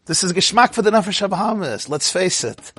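A man's voice: high-pitched, animated, a little fast, a bit bright. A man teaching an informal religious class, chatty and digressive, often laughing and quizzing his listeners. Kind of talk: informal Torah class lecture.

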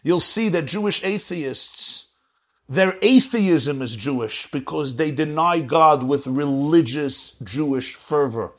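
A rabbi delivering a lively Torah lecture in a somewhat high, husky man's voice. His pitch swings widely as he moves from soft asides to emphatic declarations. The delivery is animated throughout. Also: slow pace.

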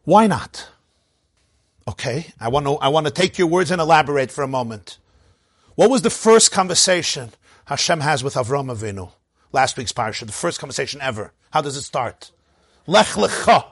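Man, rabbi teaching a class, high voice, dry close sound, rhetorical questions, playful jokes. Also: animated, moderate pace, fairly bright tone, breathy edge, no room sound. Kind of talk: Torah class lecture.

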